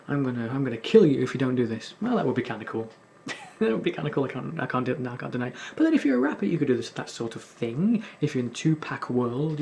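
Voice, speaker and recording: A man's voice: medium pitch, creaky, a little mellow, slight background noise. A young man hosting a gaming video, rambling in casual sardonic commentary and swearing often. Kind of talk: casual commentary while playing.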